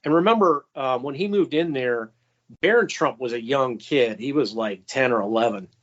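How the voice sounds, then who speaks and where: A former White House stenographer, a man, answers interview questions with insider stories, using casual fillers and quoted asides. He acts out the quoted voices by raising his pitch, speaking at normal speed in audio with the highs cut off.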